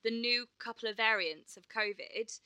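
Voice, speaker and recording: A woman's voice: fairly high pitch, bright, forceful tone, smooth, dry recording. A woman co-hosting a podcast, blunt and sweary in casual chat. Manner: blunt, sweary, quick to react. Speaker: podcast co-host.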